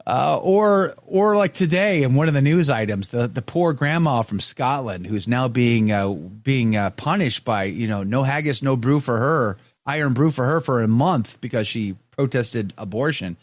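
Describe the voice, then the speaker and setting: A man's voice: medium pitch, lively intonation, moderate pace, hardly any pauses, no echo. A man hosting a show, chatting casually and reading viewer comments with playful, mock-indignant rants. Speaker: show host.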